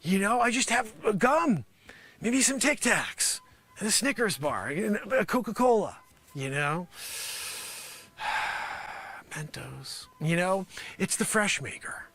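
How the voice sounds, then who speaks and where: A man's voice: sits high, very animated, slow, long pauses, sharp tone, husky. A man doing an improvised comedic rant, exasperated and rambling. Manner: exasperated, rambling, repeats "freaking". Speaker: comedy performer.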